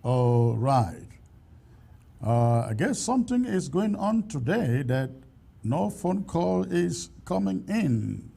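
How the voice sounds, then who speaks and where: A man hosting a call-in show, speaking deliberately and repeating his words as he takes callers. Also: a little high, very animated, creaky, mellow, husky. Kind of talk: call-in radio talk.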